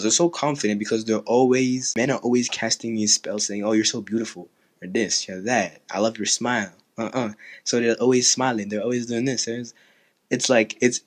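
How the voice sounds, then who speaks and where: Young guy doing a christian motivational talk, lowish husky voice, earnest and steady. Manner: earnest, measured, laughs now and then. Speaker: Christian YouTuber.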